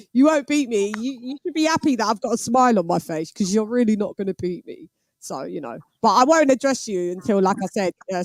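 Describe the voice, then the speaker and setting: A woman hosting a live boxing stream, animated and laughing as she talks back to her chat. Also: mid-range voice, dry recording. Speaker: boxing show host.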